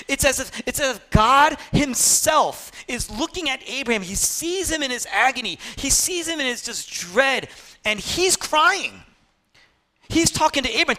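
Impassioned high-voiced male preacher. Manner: impassioned, swings from loud to hushed. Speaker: pastor. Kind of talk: sermon.

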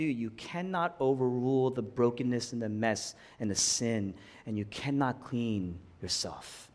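A man preaching a sermon, swinging from hushed low passages to loud, rising climaxes. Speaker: pastor. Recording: long hall reverb.

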